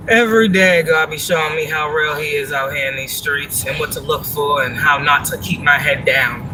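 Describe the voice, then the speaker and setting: A woman with a low voice, a spiritual vlogger, chats casually on a live stream from her phone while driving her car. She rambles, swears, and laughs often, with noise in the background.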